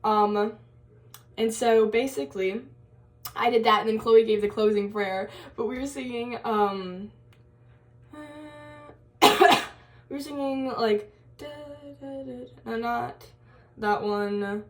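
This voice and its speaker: Young girl vlogging, kinda high voice, giggly, rambly, lots of likes and ums. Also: slow, long pauses. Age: young adult. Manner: chatty, giggly, lots of fillers and quoted asides. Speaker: college vlogger. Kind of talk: casual vlog storytelling.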